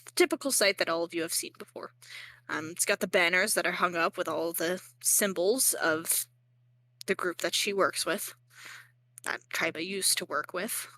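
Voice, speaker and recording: A woman's voice: on the low side, moderate pace, sharp tone. A young woman narrating as game master in a casual, rambling way, full of fillers and joking at herself.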